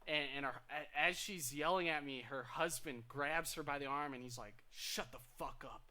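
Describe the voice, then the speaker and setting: A young man co-hosting a podcast, telling work stories in casual chat, getting loud and animated when he quotes people. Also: fairly high pitch, normal speed. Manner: animated, rises loud when quoting people, stammers restarts. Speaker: podcast co-host.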